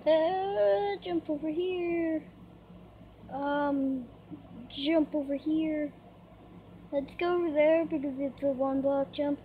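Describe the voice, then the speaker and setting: A woman's voice: sits high, fairly even intonation, takes it slowly, long pauses. A woman giving chatty gameplay commentary, easily startled and squealing when things go wrong. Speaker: gamer. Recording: dull lo-fi mic, faint noise.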